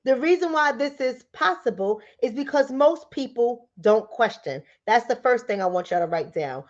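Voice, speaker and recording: Fast-talking high-voiced Bronx woman. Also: lively intonation, muffled recording. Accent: New York. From New York, Bronx. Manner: fast-talking, preachy, rhetorical questions to viewers. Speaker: relationship coach and commentator. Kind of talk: direct-to-camera commentary.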